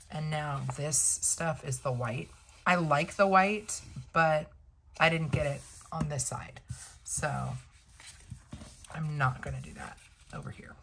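Slow, low-voiced chatty woman crafter. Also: pushed and bright, slight background noise, low-quality recording. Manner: chatty, thinks aloud, addresses viewers directly. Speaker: planner and sticker vlogger. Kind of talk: casual crafting tutorial.

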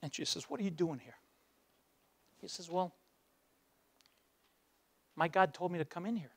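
A man giving a motivational speech, telling a story and acting out its voices, dropping low for the dramatic moments. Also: normal speed, creaky. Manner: acts out the voices in his stories, drops low for dramatic moments. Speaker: guest speaker. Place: university lecture hall.

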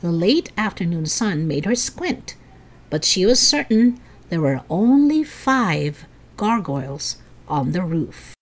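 A woman slowly reads a children's chapter book aloud, her voice rising high and excited for the children's lines.

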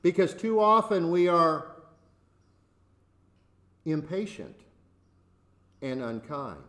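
A man preaching a sermon and telling a fable, deliberate with measured pauses. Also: a little high.

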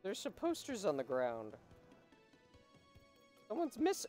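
A woman casually chatting as she plays a video game, reading text aloud with lively, bouncing pitch. Faint game music sits under her voice. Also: takes it slowly, pauses often. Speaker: let's play host.

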